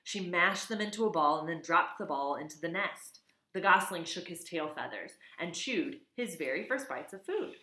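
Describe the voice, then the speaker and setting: A woman reading a children's novel aloud, expressive, with casual asides. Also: lowish voice, normal speed. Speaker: reader. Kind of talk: storybook read-aloud. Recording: echoey room.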